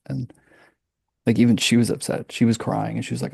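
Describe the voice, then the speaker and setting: Gravelly dark-voiced Alabama man. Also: medium pitch, normal speed, pauses often, dry recording. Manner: animated storyteller, acts out quotes. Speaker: guest. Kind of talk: casual storytelling.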